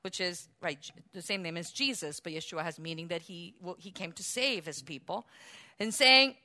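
Bright-voiced impassioned woman preaching. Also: lowish voice, moderate pace, dry recording. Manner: impassioned, swings between soft asides and loud emphatic outbursts. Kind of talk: sermon.

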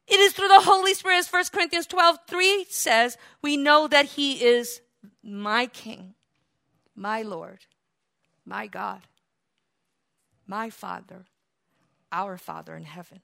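High, bright-voiced woman preaching fervently. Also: slow, gravelly, long pauses. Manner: fervent, building to loud cries of hallelujah; leads the congregation in call-and-response. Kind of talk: sermon.

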